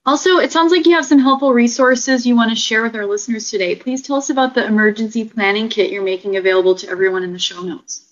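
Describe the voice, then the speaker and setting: A woman's voice: a little high, fairly even intonation, fast talker, hardly any pauses. Woman podcast host on dull audio. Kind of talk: interview questions.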